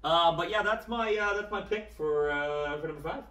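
A man co-hosting a casual chat show, telling stories in an animated way and swearing freely, in a room at home. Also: fairly high pitch, moderate pace, reverberant, recorded from a distance. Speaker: podcast co-host.

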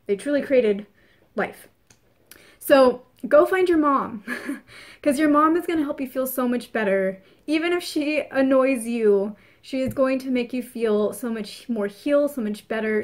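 A woman giving a casual spoken astrology forecast, chatty and earnest, repeating phrases for emphasis. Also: fairly high pitch. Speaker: spiritual reader.

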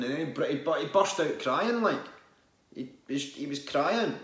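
A man's voice: fairly high pitch, animated, moderate pace, a bit bright, roomy sound. A man from the UK, a former benefits call-centre agent, telling stories in an earnest, rambling way with many false starts. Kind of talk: casual storytelling monologue.

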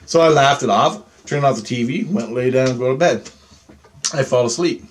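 Man of mid pitch, rambling storyteller; swears constantly, mutters then bursts out, repeats himself. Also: moderate pace, a little hiss or hum. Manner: rambling, profanity-heavy, swings between muttering and excited outbursts; restarts and repeats himself often. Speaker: vlogger recounting personal experiences. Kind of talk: casual storytelling monologue.

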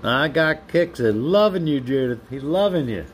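A man's voice: a little high, animated, normal speed, a little hiss or hum. A man hosting a casual live stream, chatting with viewers by name and laughing often while he reads their comments. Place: home.

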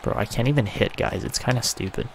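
A man's voice: medium pitch, fast talker, gravelly, a little hiss or hum. A young man giving casual, swear-filled commentary over a hockey video game, often frustrated. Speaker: gaming YouTuber.

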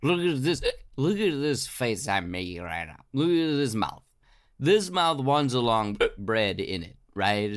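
A man's voice: mid-range voice, sing-song, a little slow. A man co-hosting a comedy podcast, bantering in a jokey, amused way. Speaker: podcast co-host.

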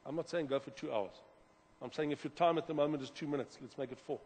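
A man preaching a sermon as pastor, animated, repeating words and swinging from loud to quiet. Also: a little high, fast talker, husky. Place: church hall. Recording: long hall reverb.

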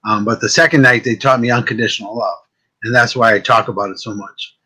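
A man with a fairly deep voice and a bright, forceful tone, hosting a casual chat. He tells stories in an animated way, restarting and repeating words as he goes. His pitch sits in an ordinary middle range. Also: fast, husky, poor audio. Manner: animated storytelling, often repeats words at the start of a thought. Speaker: host, psychic medium.

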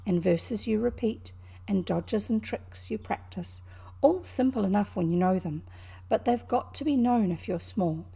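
A woman with a New Zealand accent voicing a good-natured, brave male water rat in a storybook, brisk and reassuring. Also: medium pitch, gravelly, mellow, breathy edge.

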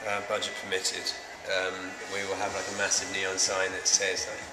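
A man's voice: deep voice, completely flat delivery, moderate pace. A man hosting a casual vlog, joking and rambling, sometimes mocking himself. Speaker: vlog host. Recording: echoey room with loud music behind.

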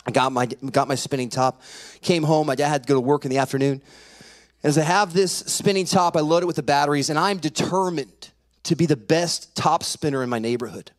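A man's voice: fairly high pitch, brisk. A man, a pastor, preaching a sermon by telling a personal story and acting out the voices in it. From California. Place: church sanctuary.

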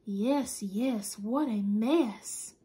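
A woman lowers her voice into a kindly civet papa from a storybook, steady and measured. He talks slowly and evenly to his little boy. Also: husky, heavily acted. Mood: dismayed. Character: calm fatherly civet papa, bus driver.

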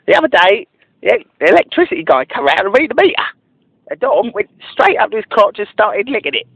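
A man's voice: sits high, huge pitch swings, fairly bright tone, dry recording, highs cut off, full character voice. A man playing a bumbling, oblivious prank caller who stammers and restarts his sentences with a straight face. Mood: deadpan. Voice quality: halting, stammering delivery. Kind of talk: deadpan prank phone call.

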